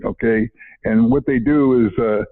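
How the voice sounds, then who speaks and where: In a casual interview, a retired educator, an older man, rambles through his stories, repeating words and chuckling often. His medium-pitched voice holds a steady tone at a measured pace. The audio is narrow, like a phone line.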